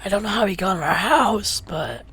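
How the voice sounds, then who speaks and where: A young woman streaming a game, chatting casually and shifting between hushed muttering and excitable talk. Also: medium pitch, moderate pace, slightly rough. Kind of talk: casual gameplay livestream chat.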